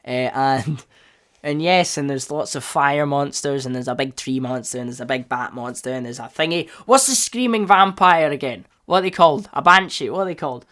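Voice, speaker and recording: A young man hosting a casual solo review podcast, excitable and rambling, with his voice leaping up in pitch and loudness when he gets worked up. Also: moderate pace. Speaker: podcast host.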